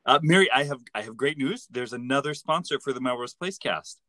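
A man's voice: medium pitch, expressive, a little fast, over loud music. A man hosting a podcast, chatting casually with wry, playful, mock-serious humor. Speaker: podcast host. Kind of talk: casual chat recapping a TV episode.

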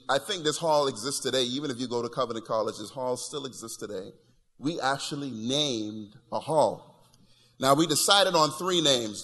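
A man preaching a sermon, telling stories in an animated way with frequent stumbles and restarts. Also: medium pitch. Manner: animated storytelling with repeated restarts. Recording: long hall reverb.

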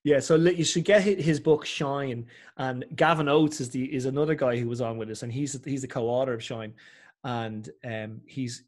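A man's voice: medium pitch, moderate pace. An Irish man chatting casually as a podcast guest, telling stories and acting out the voices of people he quotes. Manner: animated storyteller, acts out quoted voices. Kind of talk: casual chat.

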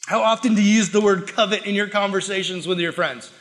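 A man's voice: high voice, quick pace, a bit bright, big-room sound. A man, a pastor, delivering a sermon in a conversational, emphatic way and acting out the prayers and complaints he quotes.

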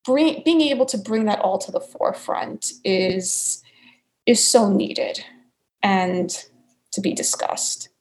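A woman's voice: mid-range voice, animated, takes it slowly, a little mellow, low-quality recording. A woman with a New York accent, a naturopathic doctor explaining her work as an interview guest, peppering her talk with "you know". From United States. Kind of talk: conversational interview answers.

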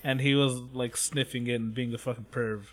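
A man's voice: medium pitch, steady tone, brisk, a loud crowd. A man in casual chat, retelling scenes with lots of swearing and acting out the characters' lines. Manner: profane, rambling, acts out scenes in quoted voices. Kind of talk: casual chat recapping an anime.

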